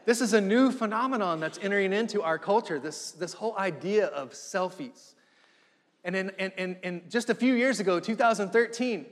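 High-voiced preacher man in a reverberant hall. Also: fairly bright tone. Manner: preaching with rising emphasis and repetition. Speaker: pastor. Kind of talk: sermon.

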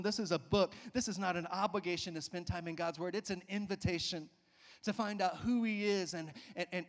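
A man's voice: a little high, big-room sound. A male pastor preaching a sermon with emphatic call-outs to the congregation.

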